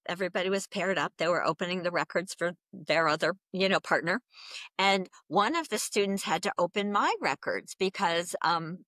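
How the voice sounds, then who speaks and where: A woman's voice: lowish voice, dry recording, studio quality. A woman guest talking casually about spiritual teaching, telling stories and laughing often. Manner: laughs often, animated storytelling. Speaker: guest, Akashic Records teacher. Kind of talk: casual spiritual interview talk.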